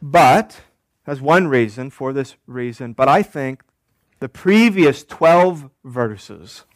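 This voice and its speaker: A man preaching a sermon as pastor, deliberate, repeating key phrases and asking the congregation rhetorical questions. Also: mid-range voice, lively intonation, no room sound.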